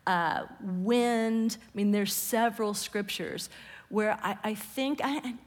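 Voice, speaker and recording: A woman's voice: medium pitch, takes it slowly, long reverb tail. A woman preaching a conversational sermon, often dropping her voice to a whisper for emphasis.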